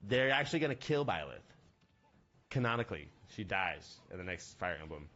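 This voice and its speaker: A man's voice: low voice, sing-song, fairly quick, pushed and bright, dull audio. A young man streaming games, chatting casually in a rambling, slangy, joking way. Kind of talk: casual gaming stream chat.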